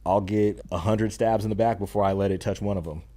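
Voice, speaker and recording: Deep, mellow-voiced man, earnest and emphatic. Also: steady tone, quick pace. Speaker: podcast guest, stay-at-home dad and content creator. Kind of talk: casual interview conversation.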